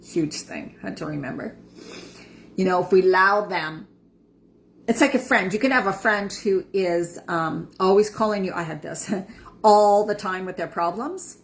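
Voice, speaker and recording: A woman's voice: medium pitch, measured pace, gravelly. A woman in her fifties giving a casual motivational talk as an empowerment coach, chatty and repeating words for emphasis. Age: 50s.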